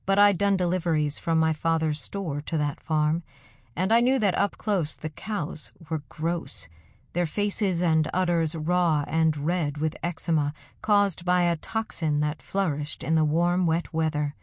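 Woman, audiobook narrator, first-person story, lowish voice, dry close sound. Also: measured pace, no room sound.

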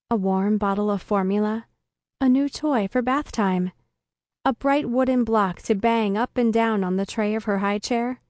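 A woman reading a first-person story aloud in a deadpan comic way. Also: medium pitch, no room sound. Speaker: narrator. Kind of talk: first-person audiobook narration.

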